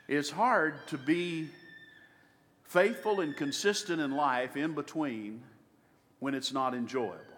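A man's voice: medium pitch, fairly bright tone. A man preaching a sermon, acting out God and Moses in his retelling with dramatic swings. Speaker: pastor. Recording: reverberant hall.

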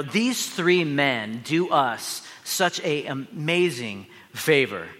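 A man's voice: medium pitch, sharp tone, big-room sound. A man, a pastor, preaching a sermon in an earnest, emphatic way, with asides to the listeners.

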